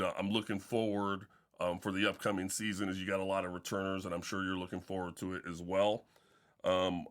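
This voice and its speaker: Bright-voiced man hosting a sports podcast. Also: fairly low pitch. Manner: storytelling, many restarts and fillers. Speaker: podcast host and football coach. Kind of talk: casual podcast chat.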